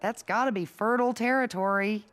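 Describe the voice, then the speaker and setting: A woman's voice: mid-range voice, a little fast, fairly bright tone, close to an everyday voice. A woman voicing a mild, earnest friend. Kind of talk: animated sitcom voice acting.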